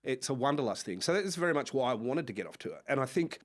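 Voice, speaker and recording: A man with an Australian accent, a music manager telling lively anecdotes in a casual interview. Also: mid-range voice, quick pace. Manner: animated anecdotes with frequent laughs and acted-out quotes. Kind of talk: casual storytelling chat.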